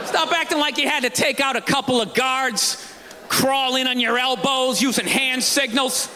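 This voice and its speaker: A man performing a stand-up comedy routine, ranting sarcastically and shouting his punchlines. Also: extremely high pitch, fairly even intonation, moderate pace. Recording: live stage recording with audience and noise.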